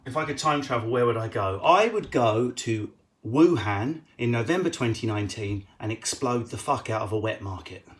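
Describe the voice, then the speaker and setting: This comedian has a medium-pitched, animated voice and answers viewer questions from home in a casual live Q&A. He comes across as cheeky, sweary, and quick-witted.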